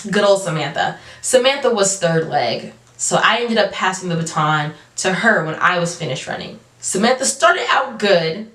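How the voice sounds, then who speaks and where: A young adult woman telling a storytime vlog, animated and emphatic, with casual slang. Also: lowish voice, normal speed, few pauses. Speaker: vlogger. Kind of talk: storytime monologue. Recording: roomy, from a distance.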